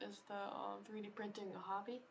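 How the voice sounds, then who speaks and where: A woman's voice: mid-range voice, little pitch movement, fairly quick, gravelly, a little hiss or hum. A woman co-judging photos in a casual chat, mostly giving brief, agreeable replies. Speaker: co-judge.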